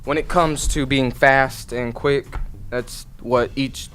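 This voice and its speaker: A young man in a casual chat, talking in halting, emphatic bursts with many restarts. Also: mid-range voice, steady tone, fairly bright tone, a little hiss or hum. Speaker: co-host.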